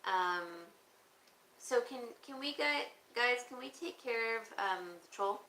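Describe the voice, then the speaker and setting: A woman's voice: on the high side, lively intonation, takes it slowly, bright, forceful tone. Chatty woman in an echoey room. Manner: chatty, rambling, talks back to viewer comments. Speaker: livestream auction host. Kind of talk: casual livestream chat with viewers. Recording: echoey room with faint background noise.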